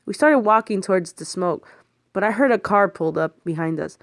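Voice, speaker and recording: Brisk and medium-pitched, a woman performs a first-person thriller audiobook, supplying the other characters' voices and swearing as the story heats up. She sounds lively, and the studio sound is dry and clean.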